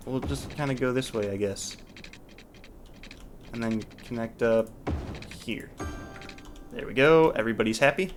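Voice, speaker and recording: A man with a mid-range voice hosts a let's play, thinking aloud in casual gameplay commentary. He restarts sentences, trails off, and sounds mildly exasperated. There's slight background noise.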